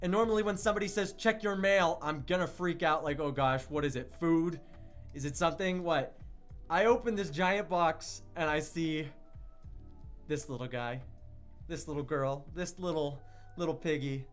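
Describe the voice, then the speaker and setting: A young man hosting an online radio livestream, chatty and excitable, reading viewer chat and hyping an upcoming release. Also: on the high side, moderate pace, faint music behind. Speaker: online radio show host.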